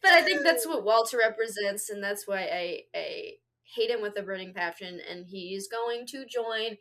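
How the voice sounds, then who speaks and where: A woman's voice: medium pitch, expressive, normal speed, fairly bright tone. A woman co-hosting a podcast in casual chat, laughing often between her remarks. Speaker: podcast co-host. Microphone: home podcast microphone.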